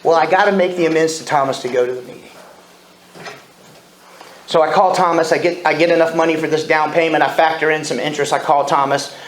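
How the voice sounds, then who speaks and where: His voice sits a little high and his tone stays steady as he talks fast, with slight background noise. He's a man in his forties at a recovery meeting, candidly recounting his story with self-deprecating humor in an echoey meeting room with faint ambience.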